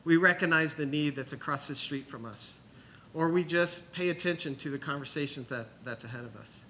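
Male preacher, storytelling testimony, tense bright tone, slightly high. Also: a little fast, a little hiss or hum. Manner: storytelling, conversational, quotes others. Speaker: church planter pastor. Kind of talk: sermon testimony.

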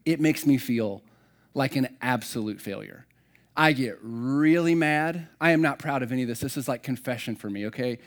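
A man's voice: mid-range voice, brisk. A man in his thirties, a campus pastor, telling a funny, self-deprecating story to open his sermon. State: slightly out of breath at start. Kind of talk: humorous sermon opening.

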